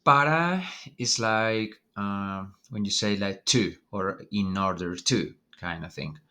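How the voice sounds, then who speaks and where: A man's voice: on the low side, slow pace, sharp tone. A man teaching an online Spanish lesson, explaining in a loose, hesitant way with many ums and uhs.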